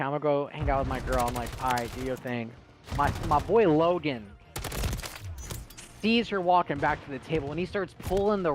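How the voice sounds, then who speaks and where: Young Texan man telling rowdy stories. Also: on the high side. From Texas. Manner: rambling, profane storytelling, often laughing. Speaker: streamer. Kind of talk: casual chat.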